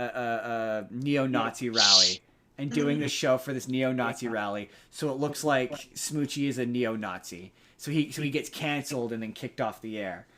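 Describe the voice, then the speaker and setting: A man's voice: medium pitch, a bit bright. Rambling man recapping a movie. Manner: rambling, many restarts and fillers. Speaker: podcast host. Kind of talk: casual chat, recapping a movie.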